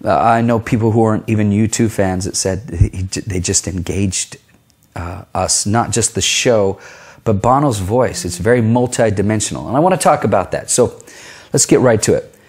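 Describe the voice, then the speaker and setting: A man's voice: fairly low pitch, normal speed, darkish tone, slightly rough. A man teaching a singing lesson in a casual, conversational way, explaining vocal tone and stopping to demonstrate sounds. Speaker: vocal coach. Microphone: filmed on camera.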